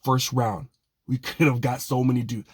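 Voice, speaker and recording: A young man with a husky, slightly rough voice delivers a profane, exasperated sports rant. He keeps apologizing for his anger but can't stop venting. The sound is dry and close. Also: medium pitch, fairly even intonation, normal speed, no echo. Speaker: fan channel host.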